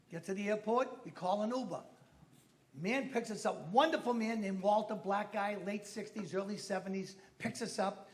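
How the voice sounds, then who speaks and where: Stand-up, man, high-pitched, brash storyteller doing voices, comedy club mic. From Massachusetts.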